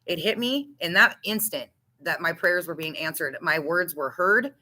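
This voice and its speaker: A woman's voice: fairly low pitch, lively intonation, normal speed, pushed and bright, rough recording. A woman giving a candid, emotional personal testimony about her recovery, talking with restarts and blunt swearing. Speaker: recovery storyteller.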